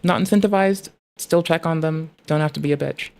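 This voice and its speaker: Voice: medium pitch, brisk, creaky. A young adult streamer ranting in casual chat, swearing often and rambling about pet training. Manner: profane, rambling, animated.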